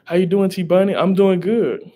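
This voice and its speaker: A man's voice: high voice, fairly even intonation, normal speed, dark tone. A young man, rambling casually on a live stream and greeting viewers in chat. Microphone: headset.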